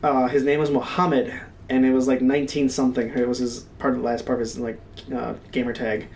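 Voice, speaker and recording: A man's voice: medium pitch, brisk, recorded from a distance, a little hiss or hum. Profane young man telling gaming stories. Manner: profane, animated, reenacts his own yelling. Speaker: stream co-host. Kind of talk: casual storytelling.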